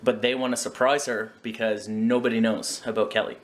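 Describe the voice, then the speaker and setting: A man's voice: on the low side, little pitch movement, fairly quick. A man talking casually in a home vlog, chatty and self-mocking, with a kitchen around him. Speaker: vlogger.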